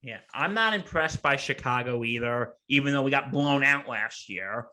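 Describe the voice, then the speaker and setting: A man hosting a sports podcast, chatting casually in an animated, jokey way. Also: mid-range voice, normal speed. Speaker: podcast host.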